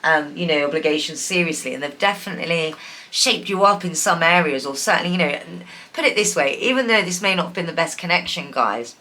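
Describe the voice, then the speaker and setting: A woman's voice: sits low, lively intonation, a little fast, sharp tone. A woman giving a casual, affectionate tarot reading, chatty and full of fillers. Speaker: tarot reader.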